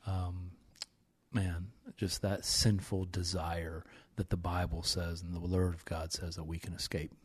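A man's voice: sits low, little pitch movement, unhurried, slightly rough, no room sound. A man in his thirties, a recovery minister hosting a podcast, talking in an earnest, heartfelt way. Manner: earnest, heartfelt, drops quiet when moved. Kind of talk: casual reaction chat.

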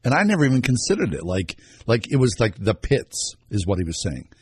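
A man's voice: lowish voice, big pitch swings, fairly quick, slightly rough, no room sound. A man co-hosting a radio show, chatting casually and telling stories with plenty of fillers. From Pittsburgh.

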